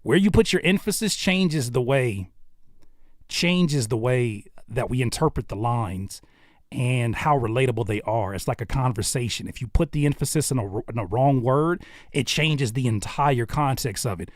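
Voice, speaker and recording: A mid-pitched man talks through viewers' songs in a laid-back, slangy livestream critique. He thinks out loud, restarting sentences as he goes. His voice sounds dry and close to the mic. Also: expressive, normal speed, no echo. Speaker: host reviewing viewer music on a livestream.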